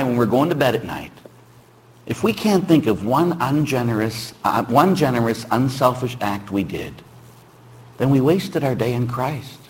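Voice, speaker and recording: A man preaching as a Catholic priest, his husky voice swinging widely in pitch. He talks in a joking, conversational way and fires rhetorical questions at the congregation. He breaks into loud shouts now and then. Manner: bursts into shouting when acting out stories. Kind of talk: sermon.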